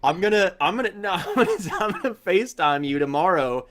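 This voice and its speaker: A man's voice: high-pitched, lively intonation, fast, fairly bright tone. Laughing man hosting a live stream. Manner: laughs often, repeats words when starting. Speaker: livestream host. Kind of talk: casual chat.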